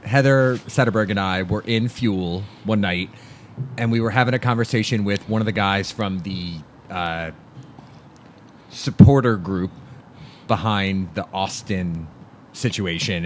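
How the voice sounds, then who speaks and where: A man's voice: on the low side, measured pace, a little hiss or hum. A man hosting a casual podcast, telling stories and joking, laughing often as he talks. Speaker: podcast host.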